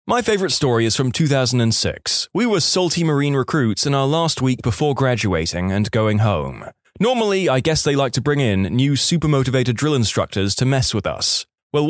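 A man narrates collected online stories from a script in a wry, deadpan-leaning style, voicing the quoted dialogue. His mid-pitched voice rises and falls with a lot of life. The sound is dry and close, with no room around it and no echo.

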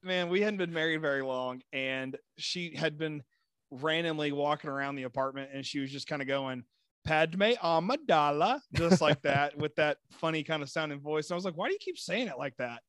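A young adult man chats on a fan podcast, excitable and quick to giggle. His voice sits somewhat high for a man. The sound is dry and close. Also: clean tone, dry recording. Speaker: podcast co-host. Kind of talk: casual chat.

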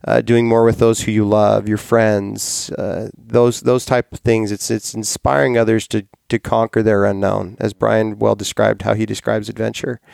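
A man hosting a relaxed podcast, talking with rambling enthusiasm and frequent self-corrections. His lowish voice carries a gravelly fry but stays smooth and resonant. The sound is dry and close. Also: normal speed, few pauses, no room sound. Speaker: podcast host. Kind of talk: casual podcast chat.

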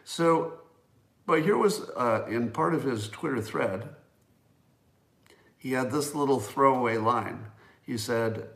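A man's voice: medium pitch, takes it slowly, vocal fry, long pauses, a bit bright. Man, solo commentary host, conversational, emphatic, echoey room. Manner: conversational, emphatic, musing aloud. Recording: roomy echo.

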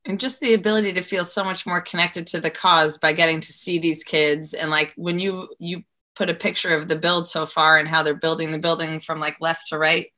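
A woman hosts a casual conversation in a low, bright, forward voice. She sounds enthusiastic and full of admiration. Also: fairly even intonation, a little fast. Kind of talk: casual chat.

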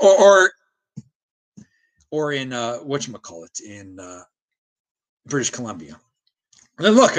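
Male host, combative livestream ranter, very lively pitch, frequent stammered restarts. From United States. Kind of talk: ranting livestream commentary, reading viewer chat.

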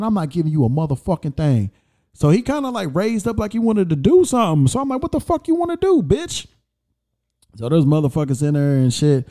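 A man casually telling an airport story, full of profanity and quoted back-and-forth, heated and animated. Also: mid-range voice.

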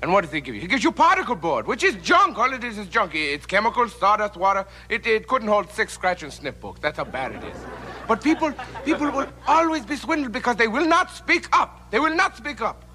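Ranting German TV handyman, pompous, high, lively, bright voice. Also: fairly quick, heavily acted. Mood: lecturing. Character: pompous German home-improvement TV instructor man. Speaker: comedy sketch character played from archive.

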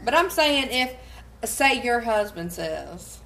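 A woman's voice: a little high, sing-song, slow pace, gravelly, a bit bright. A woman co-hosting a podcast in casual chat, playful and cheeky as she brings up topics. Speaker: podcast co-host.

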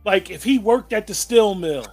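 A man's voice: high voice, lively intonation, moderate pace, soft background music. A man hosting a casual group discussion, reflective and thoughtful, often restarting sentences as he thinks.

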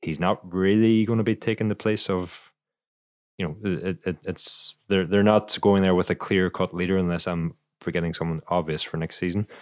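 Deep, dry-voiced man talking cycling. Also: fairly even intonation, normal speed, no room sound. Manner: thoughtful, repeats words while thinking aloud. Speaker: podcast co-host, former pro cyclist. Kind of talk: casual cycling chat.

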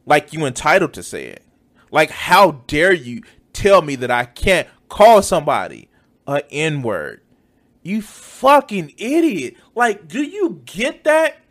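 A man reacts with heated scorn, swearing freely and mocking what he hears. His voice sits high and swings widely in pitch. He takes his time, stretching his words slowly. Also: very animated, a bit bright. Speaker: reaction commentator. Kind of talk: profane reaction commentary.

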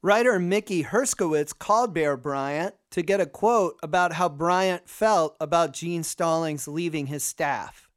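A man's voice: fairly high pitch, unhurried. A man hosting and narrating a sports podcast, in a polished, scripted announcer delivery.

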